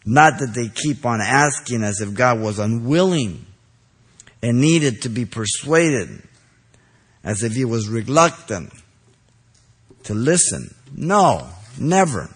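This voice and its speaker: Husky-voiced male preacher, emphatic. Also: animated, takes it slowly, long pauses. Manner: emphatic, swells on key phrases then drops low; asks the congregation checking questions. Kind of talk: expository sermon.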